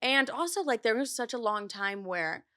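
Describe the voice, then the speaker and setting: A woman's voice: on the high side, lively intonation, moderate pace, bright, forceful tone, smooth, no room sound, clean studio sound. A young woman in her twenties hosting a podcast, chatting casually, filling her talk with "like" and swearing freely. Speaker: podcast host. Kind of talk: casual chat.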